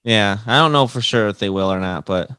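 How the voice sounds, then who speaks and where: Chatty man reasoning out loud. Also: on the low side, brisk, clear, resonant tone, dry recording. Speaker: podcast co-host. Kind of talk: casual banter.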